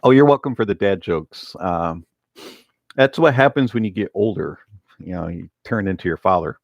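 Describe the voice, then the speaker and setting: A man's voice: deep voice, expressive, normal speed, creaky, dry recording, lo-fi sound. A man who teases and laughs easily, chatting casually as a podcast host. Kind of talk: casual chat.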